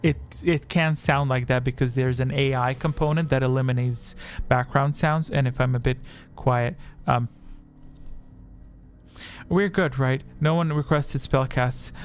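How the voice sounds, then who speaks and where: A man's voice: medium pitch, fairly even intonation, a little slow. A man hosting a livestream quiz at a home desk microphone, talking in a rambling way, correcting himself and reading out chat answers.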